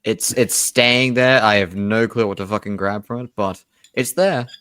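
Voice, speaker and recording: A man's voice: on the low side, normal speed, bright, forceful tone, clean tone, no echo. A man co-hosting a casual political chat, wry and prone to swearing and trailing off. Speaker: podcast co-host.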